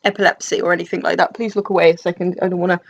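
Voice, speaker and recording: A woman's voice: on the low side, flat delivery, rapid-fire, gravelly, slight background noise. A young woman from England chatting casually about books, rambling and self-deprecating with many fillers and restarts. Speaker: book vlogger. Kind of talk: casual chat. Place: dim room at home.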